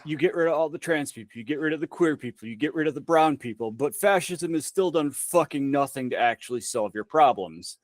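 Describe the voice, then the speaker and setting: A man's voice: medium pitch, no echo. Guy ranting on a politics podcast, blunt, swears a lot, sarcastic, dry close mic. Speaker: podcast co-host. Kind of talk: casual political chat.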